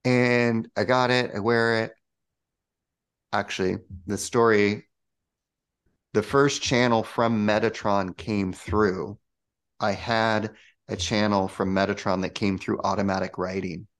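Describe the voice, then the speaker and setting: Interviewed as a guest, a spiritual coach and channel tells a personal story in a lowish voice at a slow pace. He's casual and animated, acting out the voices of the people he quotes.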